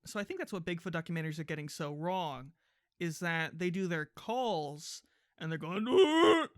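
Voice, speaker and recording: A man's voice: fairly high pitch, normal speed, no room sound, studio quality. A man co-hosting a comedy podcast over a video call, full of silly wordplay and mock-grand phrasing. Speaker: podcast co-host. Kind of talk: casual comedic chat.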